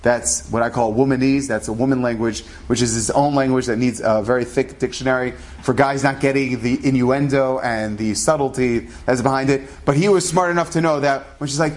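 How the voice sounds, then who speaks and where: A man's voice: fairly even intonation, brisk, hardly any pauses. A man casually telling a true story, acting out the people in it with shifting voices. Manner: chatty, acts out dialogue with shifting pitch.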